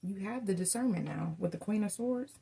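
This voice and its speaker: A woman from the Southern United States does a casual tarot reading, telling stories chattily and addressing her viewers as y'all. Her mid-range voice is gravelly and warm with a breathy edge, and she speaks a little fast.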